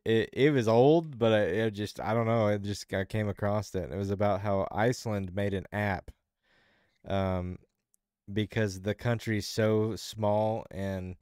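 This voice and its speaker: A man's voice: fairly low pitch, fairly even intonation, unhurried, a little mellow, clean tone, dry recording, studio quality. A man co-hosting a podcast, chatting casually, rambling and swearing a lot. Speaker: podcast co-host. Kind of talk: casual profane chat.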